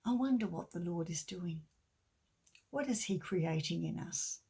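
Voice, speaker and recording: A middle-aged woman giving a gentle sermon with a children's story, often dropping to a soft near-whisper. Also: fairly low pitch, lively intonation, measured pace, vocal fry, slightly rough. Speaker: church speaker.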